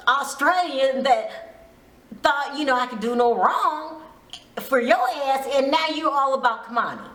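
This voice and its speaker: A woman's voice: sits high, fairly bright tone. A woman vlogger giving a chatty, dramatic, gossipy recap. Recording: roomy echo.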